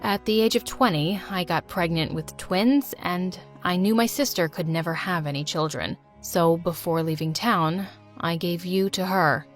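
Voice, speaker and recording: A woman's voice: fairly low pitch, normal speed, soft background music, natural voice. A woman voicing a middle-aged birth mother who earnestly explains her past in a storytime video.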